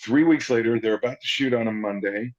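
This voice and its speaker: Man telling animated stories, lo-fi sound. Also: mid-range voice. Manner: acts out quotes in lively voices, fast rambling. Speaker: actor guest. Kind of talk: animated storytelling.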